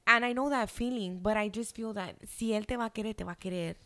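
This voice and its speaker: Young woman just chatting, spanglish, cusses a lot, normal pitch. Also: quick pace, pushed and bright. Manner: swears freely, switches between English and Spanish. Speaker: podcast co-host. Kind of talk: casual chat.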